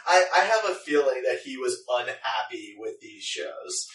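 An easygoing man co-hosting a casual podcast who laughs often. He sits away from the mic, and his mid-pitched voice comes through a roomy echo. He talks in a relaxed, friendly way. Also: moderate pace, distant mic. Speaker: podcast co-host. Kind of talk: casual chat.

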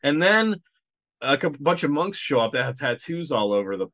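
A man co-hosting a podcast, talking through a film in a rambling, animated way with lots of fillers. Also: on the high side, normal speed. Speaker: podcast co-host. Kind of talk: casual movie review chat.

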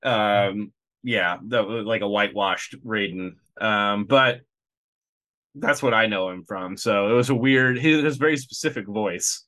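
A man co-hosting a podcast, talking through a film in a rambling, animated way with lots of fillers. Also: lowish voice, measured pace. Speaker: podcast co-host. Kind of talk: casual movie review chat.

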